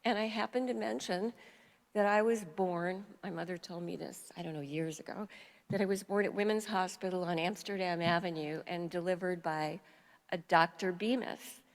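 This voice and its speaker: Older woman delivering a eulogy in a memorial hall, heartfelt, measured, long reverb. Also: lowish voice. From New York. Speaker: eulogist, family friend.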